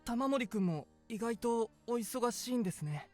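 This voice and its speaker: Woman doing a jittery high-voiced young prof guy in a game, stammers, talks fast. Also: expressive, a little mellow, soft background music. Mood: timid eager. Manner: nervous, stammering, apologetic. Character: eager, flustered young male professor.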